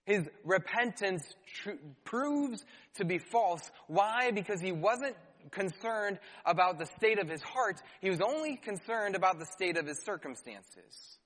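A man's voice: high-pitched, lively intonation, a little slow, hardly any pauses, fairly bright tone. A man preaching a sermon as pastor, reading scripture aloud and adding rhetorical questions and dry asides. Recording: long hall reverb.

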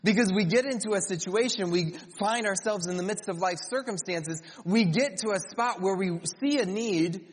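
A man's voice: sits high, normal speed, few pauses, breathy edge. A man preaching a sermon in a conversational way, with joking asides between scripture readings. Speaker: pastor. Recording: reverberant hall.

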